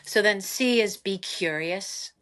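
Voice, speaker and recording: A middle-aged woman, a psychotherapist guest on a podcast, giving animated parenting advice with lively asides and laughter. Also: medium pitch, takes it slowly. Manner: animated, expressive, laughs often, acts out quotes.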